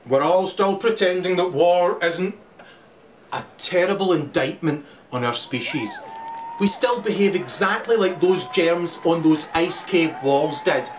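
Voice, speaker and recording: Man, profane rant, laughing and shouting, high voice, distant mic, crowd noise. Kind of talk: ranting monologue.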